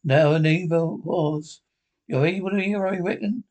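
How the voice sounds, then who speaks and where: A boastful old pirate quartermaster, put on by a male reader, talks in thick rough sailor dialect. The voice sits slightly high, cunning and full of swagger. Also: measured pace, a little mellow, lightly acted. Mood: scornful.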